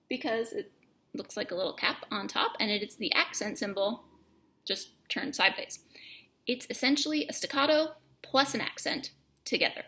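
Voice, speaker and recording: Female music teacher, bright voice with a gravelly edge, clear and encouraging delivery. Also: a little high. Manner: clear, encouraging explanation with emphatic key words. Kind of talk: instructional lesson.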